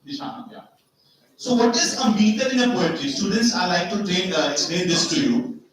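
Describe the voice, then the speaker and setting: A man's voice: high-pitched, lively intonation, moderate pace, a bit bright. Echoey man lecturing. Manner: explanatory, repeats key words, rhetorical questions. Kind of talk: seminar lecture with slides. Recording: very echoey hall, far from mic.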